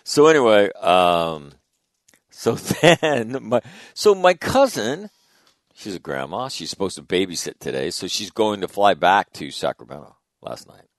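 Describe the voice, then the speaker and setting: Middle-aged male radio host, low voice, dry booth sound; wry, rambling storyteller. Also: big pitch swings, measured pace, dry recording. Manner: rambling, chatty anecdote with wry asides. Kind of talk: casual on-air storytelling.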